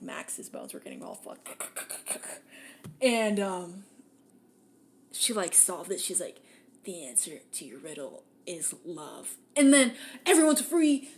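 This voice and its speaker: A young woman hosting a podcast, casually retelling a fantasy novel with lots of swearing and acted-out lines. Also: fairly high pitch. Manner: animated, acts out characters' lines, swears freely. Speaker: podcast host. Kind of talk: casual book recap.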